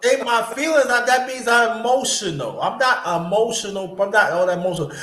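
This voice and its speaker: Animated high-pitched man, roomy sound. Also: brisk. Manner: animated, swearing, trailing restarts. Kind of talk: casual football chat.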